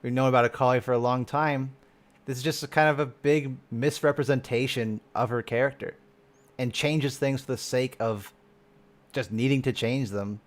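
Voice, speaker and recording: Casual live-stream chat from a man reacting to game content: excitable, freely swearing, often trailing off and restarting. His voice is mid-range.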